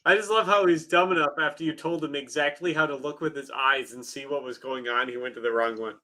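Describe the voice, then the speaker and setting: A man's voice: fairly high pitch, fairly even intonation, fairly quick, sharp tone. A man chatting casually, drawing out words and dropping joking asides. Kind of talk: casual chat.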